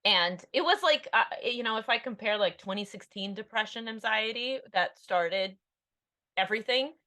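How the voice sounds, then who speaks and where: A woman's voice: a little high, lively intonation, moderate pace, bright, forceful tone. A woman in her thirties, an author being interviewed on a podcast, talking candidly in a rambling, self-deprecating way with many fillers. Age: 30s.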